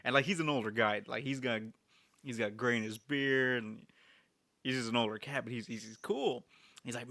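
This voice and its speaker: A man co-hosting a podcast, telling an animated story in a casual chat full of fillers. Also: mid-range voice, fast talker, dry recording. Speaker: podcast co-host.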